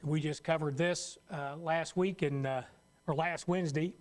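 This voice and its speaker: A man's voice: a little high, fairly even intonation, normal speed, a little mellow. A man preaching a sermon as pastor, talking conversationally and acting out worried voices. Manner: conversational, acts out worried voices, laughs at own jokes.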